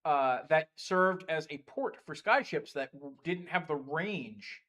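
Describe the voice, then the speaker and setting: A man's voice: a little high, animated, slow pace, a bit bright, lo-fi sound. A man acting as dungeon master, chatting casually on a livestream in a game store and rambling through game lore with lots of fillers.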